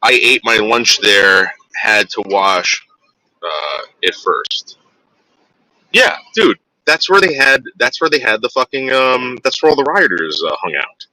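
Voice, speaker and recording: A man's voice: medium pitch, sing-song, a little slow, sharp tone, poor audio. A man in his forties from northern New Jersey, casually telling rambling, profane stories to his viewers and acting out what people said. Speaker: vlogger.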